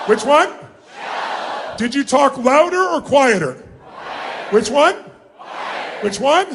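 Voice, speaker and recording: A middle-aged man giving a motivational seminar to a large crowd in a hall, commanding and often yelling instructions. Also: very high-pitched, noisy background. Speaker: motivational speaker. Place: large hall with thousands of people.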